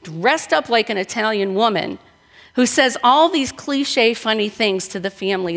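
A woman pastor preaches in an easy, conversational way, leaning on rhetorical questions. Her voice sits a little high for a woman. It carries a long reverb, as if heard in a large church hall. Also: animated, normal speed, fairly bright tone. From northern United States. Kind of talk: sermon.

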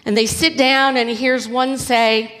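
A woman preacher delivering a storytelling sermon in a relaxed, conversational way. Her voice sits fairly high, and a long hall reverb follows every phrase. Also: measured pace.

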